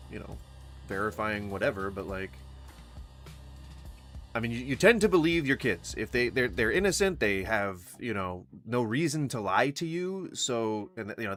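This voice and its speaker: A man giving casual reaction commentary, rambling with halting restarts and blunt skeptical asides that include swearing. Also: on the low side, fairly bright tone. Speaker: commentary streamer reacting to a paranormal podcast.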